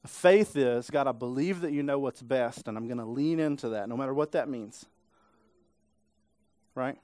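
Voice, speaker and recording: A man's voice: mid-range voice, moderate pace, a little mellow, no room sound. Man, pastor, conversational sermon, frequent tag questions, dry close mic. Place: church sanctuary.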